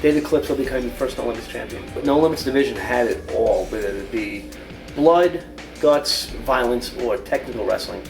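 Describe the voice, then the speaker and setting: A man's voice: mid-range voice, brisk, vocal fry, roomy sound, far from the mic, music in the background, poor audio. A man interviewed for a documentary, recalling old shows bluntly and emphatically, with some swearing. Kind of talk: candid recollection.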